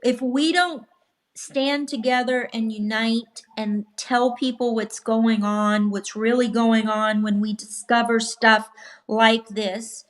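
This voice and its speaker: A woman's voice: a little high, fairly even intonation, takes it slowly. A woman guest on a casual talk show, speaking in an earnest, emphatic way.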